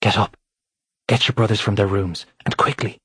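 A man's voice: lowish voice, fairly even intonation, moderate pace, sharp tone, slightly rough, dry recording, clean studio sound, exaggerated voice. A man voicing a small, frightened black rabbit who speaks in a trembling, urgent voice in an audiobook.

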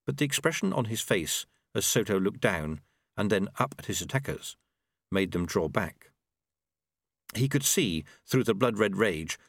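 A man narrating an audiobook in a wry, expressive storytelling manner. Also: fairly low pitch, no echo, clean studio sound. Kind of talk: scripted narration.

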